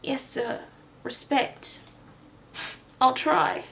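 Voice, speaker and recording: A woman's voice: expressive, very slow, a bit bright, slight background noise, exaggerated voice. A woman voicing a tearful grown man who has regressed to a small boy, sobbing and pleading. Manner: sobbing, pleading, high and breaking. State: crying.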